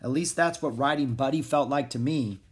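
A man's voice: medium pitch, normal speed, slightly rough, pitched above the performer's own voice, close to an everyday voice. A man voicing a cheerful, bold young girl who talks in eager exclamations, in a storybook reading.

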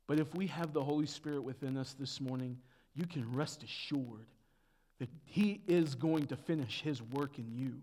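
A man preaching a sermon as pastor, dropping to hushed tones and then building to loud, emphatic peaks. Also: moderate pace. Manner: swings from hushed to booming emphasis.

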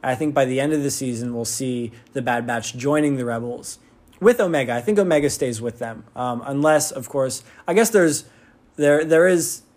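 Male fan reviewer, casual and rambling, mid-pitched voice, eager about the show. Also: moderate pace, a little mellow. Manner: rambling, full of "like" and restarts; enthusiastic fan. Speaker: TV episode reviewer. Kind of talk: casual spoken episode review.

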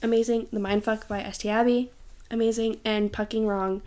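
A woman's voice: a little high, flat delivery, darkish tone. A young woman co-hosting a podcast, chatting casually and giggling through her stories. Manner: chatty, giggly, quick asides. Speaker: podcast co-host. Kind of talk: casual chat.

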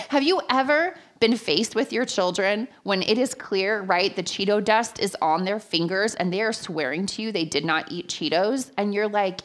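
A woman preaching a sermon, telling personal stories with lively, acted-out quotes. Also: medium pitch, moderate pace. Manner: animated storytelling, acts out quotes.

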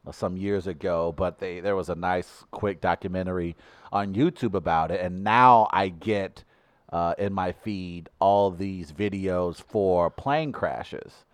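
A man's voice: sits low, measured pace, no room sound. Male co-host, chatty and rambling, laughs a lot, dry close studio mic. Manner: rambling, animated, laughs often. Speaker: podcast co-host. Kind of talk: casual chat.

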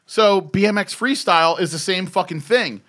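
A man in his fifties tells a story in a casual podcast chat, excitable and full of swearing. His voice sits a little high and comes across bright and forceful. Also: normal speed. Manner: excitable, profane, animated storyteller. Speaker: former BMX rider telling a story.

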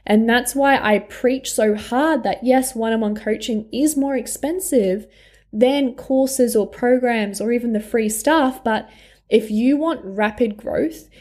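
Frank young woman, swearing freely. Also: a little high. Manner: frank and animated, swears freely, laughs often. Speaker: life coach. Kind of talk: candid personal vlog.

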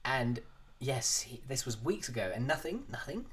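A man's voice: medium pitch, normal speed, slight background noise. Man, podcast co-host, casual film chat, jokey, sweary. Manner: animated, sweary, jokey storytelling.

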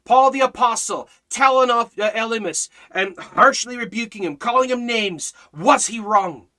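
Guy preaching hard, bright sharp voice, gets loud then drops low, keeps asking was he wrong. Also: normal speed. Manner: exhorting, repetitive rhetorical questions; swings between loud shouting and low intensity. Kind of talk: fiery sermon.

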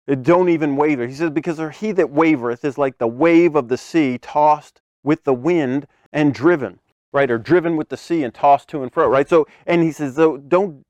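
A man's voice: a little high, darkish tone, dry recording. A man preaching a casual podcast sermon, reading scripture and explaining it in a loose, conversational way with frequent "right?" asides. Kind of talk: podcast sermon, Bible teaching.

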